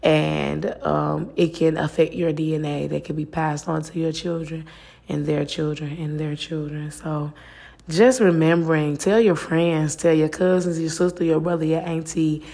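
Low, gravelly woman hosting a podcast. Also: steady tone, a little slow, a little mellow. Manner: earnest, repeats phrases, many "like" fillers. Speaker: podcast host. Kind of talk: casual faith-based talk.

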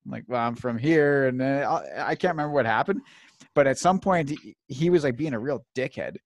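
A man's voice: mid-range voice, expressive, brisk, no room sound. A man in casual chat, telling a story in a laid-back way with plenty of swearing.

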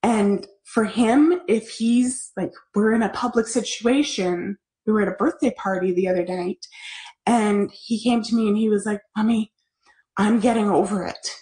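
A woman hosting a live online parenting class, talking in an animated, chatty way as she answers viewer comments. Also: mid-range voice, moderate pace. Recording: echoey room.

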